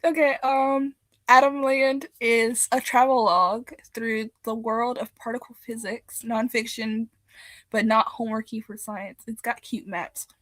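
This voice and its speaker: A young woman hosting a casual live reading stream, chatting and reading comments, laughing often and getting loud and excited. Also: fairly high pitch, measured pace, no echo. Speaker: livestream host.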